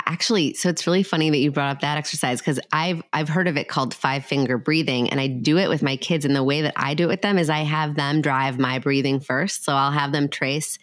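A woman's voice: deep voice, dry recording, studio quality. A woman hosting a podcast and talking casually about her kids, chatty and full of "like". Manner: chatty, peppered with "like". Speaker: podcast host and parent. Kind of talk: casual chat.

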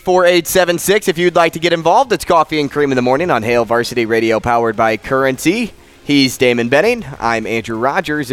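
A man hosting a live sports radio show, upbeat and energetic, bantering with his co-host. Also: mid-range voice, clean tone, dry recording. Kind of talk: casual sports talk.

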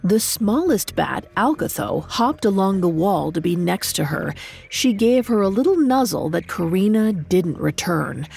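A woman narrating a dark storybook myth in a measured, dramatic way. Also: medium pitch, expressive, vocal fry, faint music behind. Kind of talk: scripted narration.

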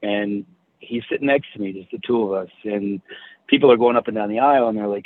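Husky low-voiced man telling a story. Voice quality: husky, halting with many restarts. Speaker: guest. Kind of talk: casual storytelling. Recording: tinny phone-like sound.

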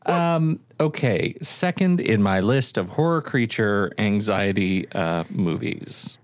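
A man's voice: medium pitch, no room sound, studio quality. A man co-hosting a casual film podcast, wry and dryly humorous. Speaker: podcast co-host.

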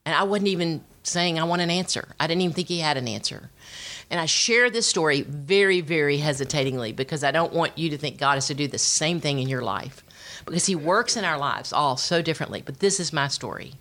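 Brief: middle-aged woman, low voice, lively storytelling testimony. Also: a little fast. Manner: animated storytelling with voiced quotes. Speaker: speaker sharing testimony. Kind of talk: personal testimony talk.

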